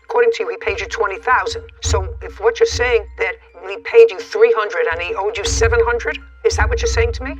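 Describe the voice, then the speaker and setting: A sharp, impatient woman judge grilling a litigant in a TV courtroom. Her voice sounds a little husky and is picked up from a distance. Faint music plays underneath. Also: medium pitch. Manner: brisk, sharp, impatient, cuts people off. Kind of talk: courtroom questioning.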